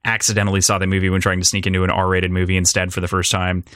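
A young man co-hosting a podcast, talking through a film in a rambling, animated way, with restarts and laughs. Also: low voice, racing, clear, resonant tone, dry recording, clean studio sound. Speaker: podcast co-host. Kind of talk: casual film discussion.

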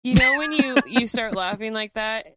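A woman's voice: on the high side, normal speed, a bit bright, no echo. A woman co-hosting a book podcast in casual chat, giggly and swearing freely. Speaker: podcast co-host.

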